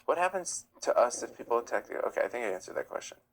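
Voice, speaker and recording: A man's voice: medium pitch, sing-song, very fast, a bit bright, slight background noise, low-quality recording. A man hosting a live stream, reading chat comments aloud and answering them bluntly. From United States. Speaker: livestream host.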